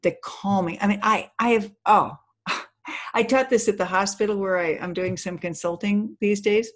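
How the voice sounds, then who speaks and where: A middle-aged woman giving a seminar talk on communication skills, telling personal stories in an animated way and acting out what people said. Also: mid-range voice, moderate pace. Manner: animated storyteller, acts out quotes.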